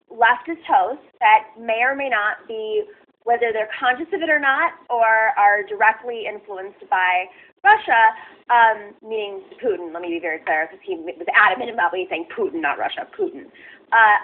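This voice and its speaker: A woman hosting a talk show interview, hesitant and meandering, with many fillers. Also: fairly high pitch. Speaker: host. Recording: tinny phone-like sound.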